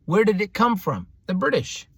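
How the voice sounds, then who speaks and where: A man's voice: sits high, very animated, moderate pace, slightly rough, dry recording. A man from Eritrea reading a history book aloud and commenting on it earnestly, often hunting for words. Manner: earnest, searching for words, repeats himself.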